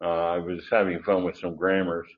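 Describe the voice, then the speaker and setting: A man with a low, fairly flat voice lectures on Bible grammar at a moderate pace, recorded in dull, lo-fi audio. His manner is digressive and peppered with fillers and restarts, though he presses firmly when he reaches his main points.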